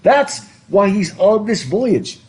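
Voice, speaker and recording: A middle-aged man from the United States teaches a literature class in a classroom. He talks in an animated way, reads passages aloud and jokes with his students. His husky voice swoops widely up and down in pitch. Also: slow. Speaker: literature professor. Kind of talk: classroom lecture.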